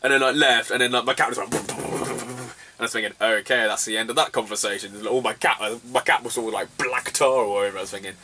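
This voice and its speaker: A man's voice: medium pitch, fairly even intonation, a little fast, sharp tone, recorded from a distance, a little hiss or hum. A young man from the southwest of England, telling a travel mishap story in casual vlog style, laughing often and swearing freely. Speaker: retro gaming vlogger.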